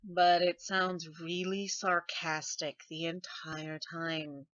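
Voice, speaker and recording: A woman's voice: fairly low pitch, level tone, takes it slowly, fairly bright tone, dry recording. Scottish woman rambling into a webcam. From Scotland. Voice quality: voice others mistake for a man's. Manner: chatty, self-deprecating, sarcastic asides. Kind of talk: casual webcam vlog, rambling. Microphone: webcam mic. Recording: dull dry webcam audio.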